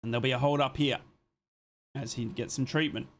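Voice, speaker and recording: A man's voice: medium pitch, fairly even intonation. Guy doing a football watchalong stream, calls the plays then chats w/ comments, says sorry a lot, pretty average voice. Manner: chatty, reads and answers viewer comments between plays; apologetic, quick to say sorry. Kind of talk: casual live match commentary and chat.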